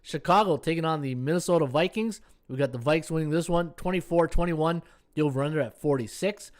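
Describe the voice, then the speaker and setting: Guy reading betting picks on a podcast, smooth clear voice, throat a bit worn. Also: a little high, a little fast. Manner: chatty, reads odds and picks, talks to chat. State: losing his voice, throat sore. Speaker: sports betting podcast host. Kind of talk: casual sports betting talk.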